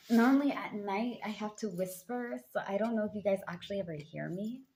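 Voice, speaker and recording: A woman's voice: brisk, slight background noise. Chatty woman giving a hype tarot reading. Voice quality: a bit deep from just waking up. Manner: lively, hypes viewers up with pet names. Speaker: tarot card reader. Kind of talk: casual tarot reading monologue.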